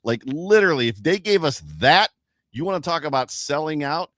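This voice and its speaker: A man hosting a casual sports podcast, talking in lively quick bursts. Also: on the high side, no echo, studio quality. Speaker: podcast host.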